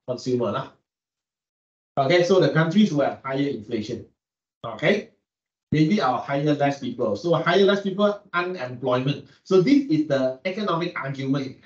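Malaysian man lecturing in an echoey classroom. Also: on the high side. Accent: Malaysian English. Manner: asks students frequent rhetorical questions; repeats words while searching for them. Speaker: economics lecturer. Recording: echoey room, distant mic, dull sound.

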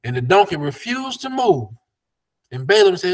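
A man's voice: high-pitched, sing-song, fairly quick. A man, a pastor teaching a Bible study over a video call in a folksy, preacherly way. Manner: preacherly, folksy, laughs between points.

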